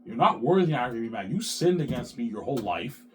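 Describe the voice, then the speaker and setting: Man, 30s, vlogger. Agitated, repetitive, swears constantly, with pitch swinging wide between loud outbursts and low mutters. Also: very animated, a little fast. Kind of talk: rambling monologue to camera.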